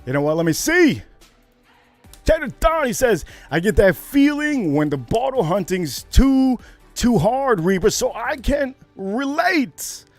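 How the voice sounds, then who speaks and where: A man hosting a livestream, telling a story to his chat in a loose, excitable way with loud bursts and swearing. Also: very high-pitched, unhurried, no room sound, soft background music. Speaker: livestream host. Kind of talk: casual storytelling to a live chat.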